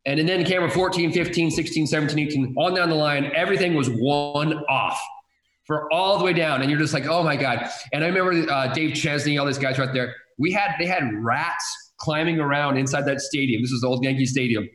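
Guy talking fast about old tv work, rambly, lots of um and uh, roomy echo. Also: fairly high pitch, fairly bright tone. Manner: rambling, repeats words, many fillers. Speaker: guest, sports TV director. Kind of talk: casual chat.

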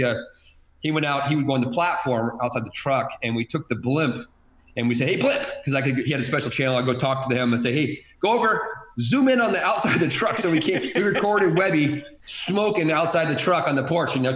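A man's voice: medium pitch, a bit bright, echoey room, rough recording. A man telling stories from his career in sports television, rambling with many repeated words and fillers. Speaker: guest, sports TV director. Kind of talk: casual chat.

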